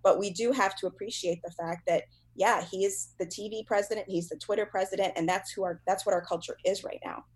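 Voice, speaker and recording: A woman comedian talking casually in an animated, self-deprecating way, laughing often. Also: mid-range voice, fairly quick, hardly any pauses, slightly rough. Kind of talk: casual conversation.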